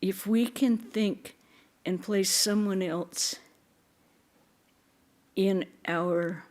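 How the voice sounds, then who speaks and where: A woman giving a spiritual talk in a temple, telling stories gently, with soft laughs and quiet asides. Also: mid-range voice, drawn-out words. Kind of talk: sermon.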